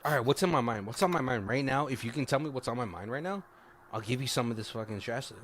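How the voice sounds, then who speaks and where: Male podcast host retelling a film scene by scene, loose and profane, with a lively voice over faint background noise. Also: medium pitch, quick pace. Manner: profane, laughing, retells scenes doing quoted lines. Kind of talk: casual movie review chat.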